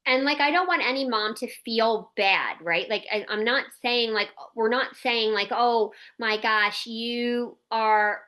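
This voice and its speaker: This is a woman in her thirties hosting a casual podcast conversation. Her voice is bright and forward, and her speech is loose and frank, full of "like" fillers and the occasional curse. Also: on the high side, animated, moderate pace, hardly any pauses. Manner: candid, chatty, peppered with "like" and mild swearing. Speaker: podcast host.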